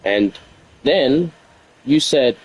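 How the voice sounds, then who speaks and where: A man's voice: mid-range voice, expressive, very slow, slightly rough, poor audio. A man streaming, venting at length about an argument in an aggrieved, rambling, repetitive way.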